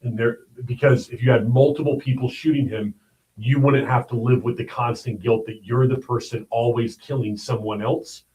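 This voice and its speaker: A man's voice: medium pitch, steady tone, normal speed, a little mellow, poor audio. Blunt, emphatic male news commentator. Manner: blunt and emphatic, with repeated "all right?" asides. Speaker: livestream host.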